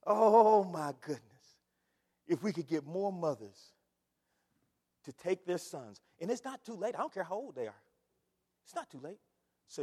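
An older man preaching an impassioned sermon, swinging from shouting to hushed tones. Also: high-pitched, animated, a little slow, pauses often, husky, in a large hall.

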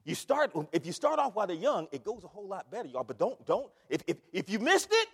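Older man preaching, high and very lively pitch, impassioned, shouts then hushes, echoey hall. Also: fast, hardly any pauses, husky. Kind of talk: sermon.

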